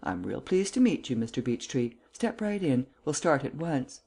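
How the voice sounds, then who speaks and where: A reader voicing a brisk, inquisitive young woman who speaks American English with an Italian accent, firing off questions in a chatty, pert manner. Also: a bass voice, very animated, vocal fry, dark tone, husky, heavily acted. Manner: pert, rapid-fire questioning.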